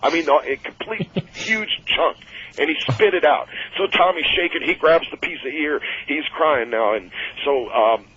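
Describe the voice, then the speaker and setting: A man telling wrestling-road anecdotes on a radio call-in show, animated and acting out the voices of the people in his stories. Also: a little high, unhurried, breathy edge, no room sound. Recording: dull lo-fi radio audio.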